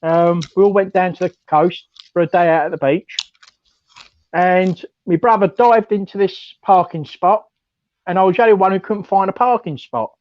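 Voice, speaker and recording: A man with a London accent phones in to a live chat on a stream and tells a rambling story, dropping lots of "ums" and laughing at his own tale. His voice sits high and moves at normal speed, and the highs are cut off.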